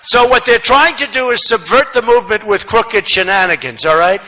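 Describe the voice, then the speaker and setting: A man giving a campaign rally speech, repeating phrases for emphasis and swinging between shouting and muttering asides. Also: high-pitched, normal speed, rough recording. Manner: repetitive, emphatic, rambling asides. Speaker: political speaker at a rally. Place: large rally venue, no seating.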